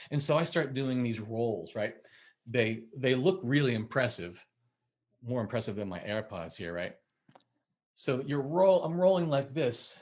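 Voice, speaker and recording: A middle-aged man, a musician and podcast guest, telling a story in a lively way and acting out the voices he quotes. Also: medium pitch, a little slow. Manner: acts out quoted voices, laughs while telling. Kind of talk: animated storytelling in conversation.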